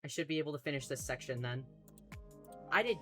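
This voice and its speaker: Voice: mid-range voice, lively intonation, fast talker, pushed and bright. Streamer cursing and exclaiming over music. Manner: exclamatory, swears, repeats phrases. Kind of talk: casual livestream gameplay talk. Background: background music.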